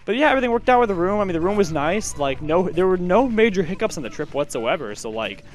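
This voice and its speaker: A man's voice: high-pitched, sing-song, fast talker. An eighteen-year-old man giving casual let's-play commentary, rambling with lots of fillers and restarts. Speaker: gaming channel host.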